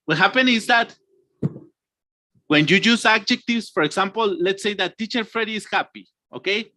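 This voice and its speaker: A man, teaching an online English lesson, acting out emotions and stretching words slowly. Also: high voice, bright, forceful tone.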